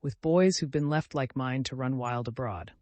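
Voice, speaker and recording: A man voicing a gentle, modest older aristocratic gentleman in an audiobook, polite and self-deprecating. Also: medium pitch, normal speed, no room sound, natural voice. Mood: earnest.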